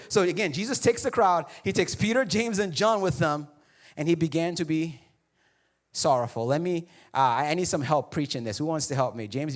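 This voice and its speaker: Pastor in the pulpit, high voice, laid-back and funny, speaks right to the room. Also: male voice. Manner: casual, joking, talks straight to the congregation. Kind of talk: sermon. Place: church hall before a congregation.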